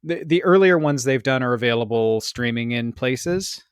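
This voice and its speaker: A man's voice: mid-range voice, expressive, moderate pace, clean tone, no echo, studio quality. A man co-hosting a podcast in casual chat, talking in a rambling way with lots of restarts. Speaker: podcast co-host.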